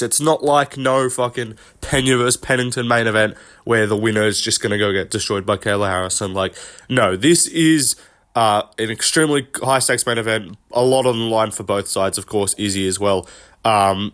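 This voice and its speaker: A man's voice: lowish voice, a bit bright. A man giving casual solo commentary on fights, blunt and profane in his banter. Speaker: MMA commentator.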